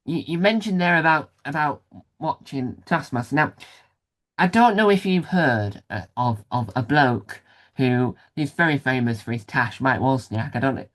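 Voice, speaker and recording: A podcast host interviewer with a medium-pitched, animated voice runs a casual interview at normal speed. He rambles, is self-deprecating, and restarts often.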